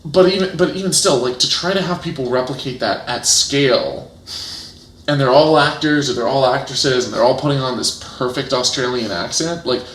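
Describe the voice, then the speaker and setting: A man's voice: medium pitch, moderate pace. Chatty man, roomy echo. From United States. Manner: animated storytelling, many restarts and fillers. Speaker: guest. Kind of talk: casual interview chat.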